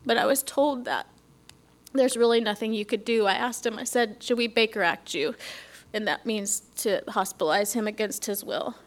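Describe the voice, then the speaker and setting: A woman's voice: fairly high pitch, normal speed. Earnest middle-aged woman giving testimony. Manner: earnest, drops to a whisper, asks the audience questions. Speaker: speaker giving a church testimony. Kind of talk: personal testimony to a congregation.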